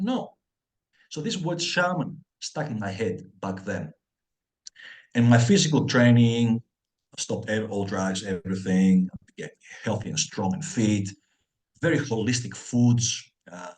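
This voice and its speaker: A middle-aged man from Greece, a guest on an interview podcast, telling his life story with lots of fillers and acted-out dialogue. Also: on the low side. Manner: animated storyteller acting out dialogue, many fillers.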